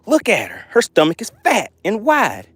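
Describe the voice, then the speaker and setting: An excitable man hosts a live fishing stream from a boat outdoors. He hypes every catch and reads chat messages aloud in a slightly high voice, picked up by a phone or camera mic. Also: normal speed, husky, dry recording. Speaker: fishing livestream host.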